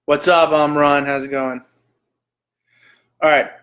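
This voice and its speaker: Male streamer from Canada, fairly high voice, casual and joking, reading questions and riffing. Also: flat delivery, slow pace, fairly bright tone. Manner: reads questions aloud then jokes back. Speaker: livestream host. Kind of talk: casual live-stream chat.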